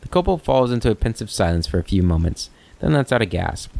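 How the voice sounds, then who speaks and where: Gravelly low-voiced man playing a game. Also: fast. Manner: relaxed, thinking aloud, self-correcting. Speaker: let's play host. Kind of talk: casual gameplay commentary and reading.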